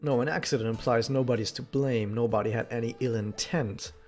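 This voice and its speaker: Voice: medium pitch, fairly quick, a little mellow, voice pushed down, lightly acted. A streamer voicing a flippant, laid-back police chief in a fan-made game, with an offhand drawl.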